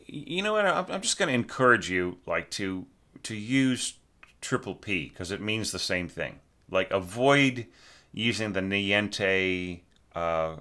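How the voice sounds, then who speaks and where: A man's voice: deep voice, bright, forceful tone. A man teaching orchestration, talking through a student's score in a loose, conversational way, often restarting sentences and singing phrases aloud. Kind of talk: informal score critique.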